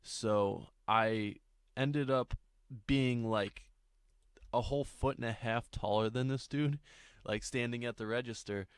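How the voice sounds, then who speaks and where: A man's voice: medium pitch, measured pace, clean tone, dry recording, clean studio sound. A young man in his twenties, casually telling a story for a vlog, rambling with laughs, swearing and restarts.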